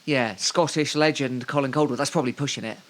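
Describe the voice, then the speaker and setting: A man's voice: mid-range voice, fast, fairly bright tone. Dry, joking man co-hosting a football podcast. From Devon, England. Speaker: podcast co-host. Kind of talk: casual football chat.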